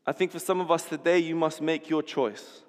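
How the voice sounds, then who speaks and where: A man on the higher side of the pitch range delivers a sermon in a steady tone and at a moderate pace. He narrates a scene vividly, repeating words whenever he restarts, and the room adds a long hall reverb.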